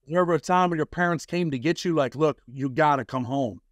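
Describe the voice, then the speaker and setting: A man's voice: fairly high pitch, quick pace, no echo, studio quality. A man hosting an interview, asking direct, blunt questions in a casual way. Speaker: interviewer host.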